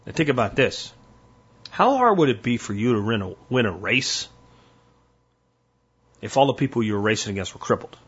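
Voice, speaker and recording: Blunt husky older man, lively pitch. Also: normal speed, long pauses, muffled recording. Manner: blunt, emphatic, warning tone. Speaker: podcast host. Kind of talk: solo podcast monologue.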